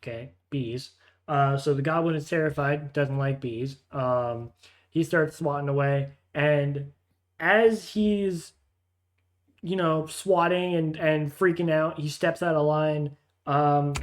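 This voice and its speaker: A man's voice: on the high side, steady tone, slow pace. A man running a tabletop game as game master, narrating the scene in a rambling, amused way. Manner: rambling, amused, counts aloud while placing tokens.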